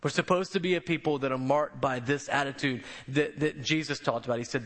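A man's voice: mid-range voice, a little fast, few pauses, a bit bright. A man preaching a sermon, telling stories in a conversational way and often repeating words as he goes. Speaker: pastor.

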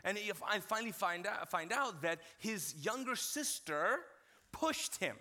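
A male pastor in his thirties giving a sermon, talking to the congregation like friends and joking as he tells stories. His voice sits high for a man and has a bright, forceful edge. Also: lively intonation, measured pace. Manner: conversational storytelling with humor, addressing the congregation.

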